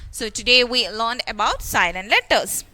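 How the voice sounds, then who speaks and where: A woman teacher giving an online lesson, spelling out letters slowly and repeating words with stress. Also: fairly high pitch, expressive, sharp tone. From India.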